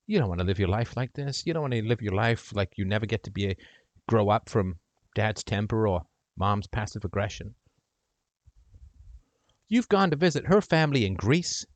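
A man hosting a call-in show, giving impassioned advice and speaking to the caller's brother in role-play, swinging from loud to hushed. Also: on the low side, no echo.

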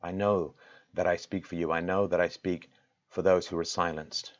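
Male host, very low voice, impassioned rhetorical monologue, lo-fi sound. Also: little pitch movement, normal speed. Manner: impassioned, rhetorical, swings from loud to quiet. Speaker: show host. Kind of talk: direct-to-camera address.

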